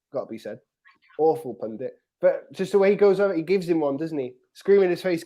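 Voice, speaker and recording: A man co-hosting a football podcast, telling stories with frequent laughter. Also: a little high. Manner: laughs often, animated storytelling. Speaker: podcast co-host. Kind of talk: casual football chat.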